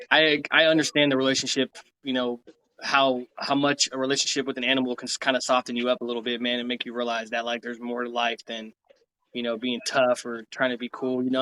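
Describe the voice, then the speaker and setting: A man's voice: medium pitch, fairly bright tone. A man co-hosting a casual chat show, laid-back and affirming, dropping "man" and "bro". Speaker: podcast co-host.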